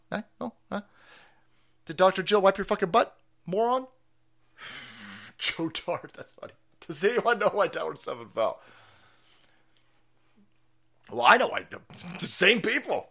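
High-voiced guy ranting on a stream, mocking and loud, drops to muttering sometimes. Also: vocal fry. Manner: loud, mocking, swings between shouting and low muttering. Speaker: political commentary streamer. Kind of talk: profane ranting livestream commentary.

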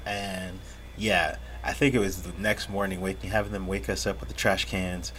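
Crowd noise sits under this young podcast co-host, who has a low voice, a steady tone and normal speed. He tells his stories casually, swearing freely, laughing along and shouting out quoted lines.

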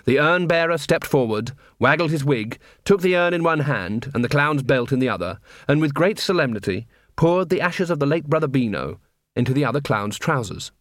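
A man narrating an audiobook with dry, measured storytelling. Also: a little high, lively intonation, fairly bright tone, no room sound. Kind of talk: scripted narration.

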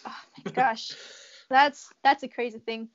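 A woman's voice: on the high side, fairly even intonation, measured pace, dull audio. A young woman chatting as a podcast guest, giggling often and searching for words. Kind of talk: casual chat.

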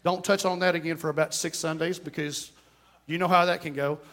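High-voiced fervent preacher, man. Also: fairly even intonation, a little fast. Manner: fervent preaching that swings from quiet asides to loud exclamations; conversational, jokes with the congregation. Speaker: pastor. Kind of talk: sermon. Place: church.

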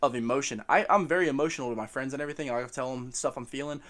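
A young man co-hosting a casual sports podcast, animated and laughing, calling everyone bro. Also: medium pitch, very fast. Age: young adult. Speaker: podcast co-host. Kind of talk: casual chat.

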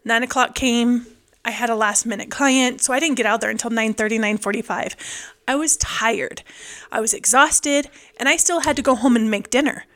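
A woman in her thirties, a podcast co-host and hairstylist, telling a story in casual chat with lively, laughing delivery. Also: on the high side, moderate pace.

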